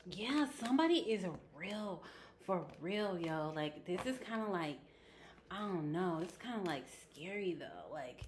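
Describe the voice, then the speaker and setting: A woman's voice: on the low side, lively intonation, unhurried, slight background noise. A woman giving a casual tarot reading, chatty and blunt, with frequent laughs and swearing. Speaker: tarot reader.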